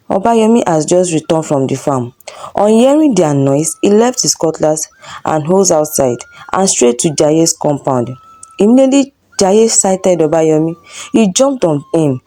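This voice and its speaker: A woman narrating a folktale with dramatic, expressive storytelling. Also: on the low side, moderate pace.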